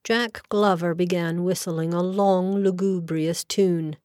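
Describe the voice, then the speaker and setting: An audiobook narrator with a lowish voice reads a novel in scripted narration. She tells the story in a measured, even manner, and the recording has clean studio sound with no room sound.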